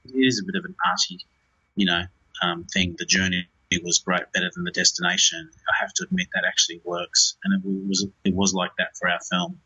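A man's voice: deep voice, very animated, fairly quick, bright, forceful tone, breathy edge, lo-fi sound. A man, a film director, talking in an interview in a rambling way, with many fillers and restarts.

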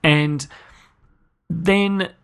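A man's voice: steady tone, extremely slow, fairly bright tone, clear, resonant tone. A man hosting a podcast and giving a casual spoken review. He rants with sarcasm, restarts his sentences often, and his voice jumps up sharply when he is incredulous. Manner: exasperated ranting, pitch leaping up when incredulous. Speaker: podcast host.

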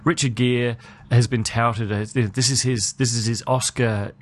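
A man's voice: mid-range voice, fairly even intonation, normal speed. Chatty New man reviewing films. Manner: chatty, opinionated, frequent restarts. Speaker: film podcast co-host. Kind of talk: casual film review chat.

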